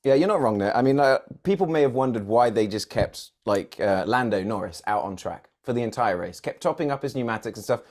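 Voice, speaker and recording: Animated, lively-voiced man. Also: medium pitch. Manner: animated, jokey, quick to mimic others. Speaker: podcast co-host. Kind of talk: casual chat.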